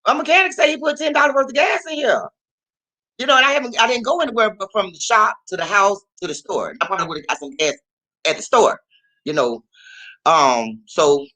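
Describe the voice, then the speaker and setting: A man hosting his own show, telling a story in casual, profane, animated style and acting out the voices in it. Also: rough recording. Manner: animated and profane, acting out quotes with big pitch jumps. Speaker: host.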